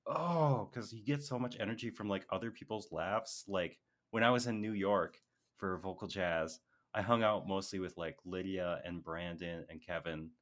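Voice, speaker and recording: A man's voice: low voice, moderate pace, a bit bright. A young man co-hosting a podcast, telling stories in casual chat, laughing often and using lots of fillers. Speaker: podcast co-host and music teacher.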